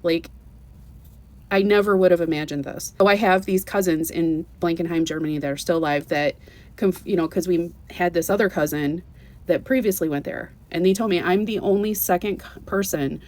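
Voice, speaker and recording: Woman, somewhat low voice, earnest casual storytelling, lots of restarts and asides. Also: normal speed. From United States. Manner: earnest and animated, with many restarts and "you know"s. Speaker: vlogger telling a travel story.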